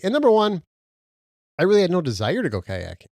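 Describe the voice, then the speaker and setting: A man's voice: a little high, sing-song, normal speed, long pauses, a little mellow, no echo, studio quality. A man from Minnesota co-hosting a casual podcast, rambling and boasting as he tells stories. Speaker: podcast co-host.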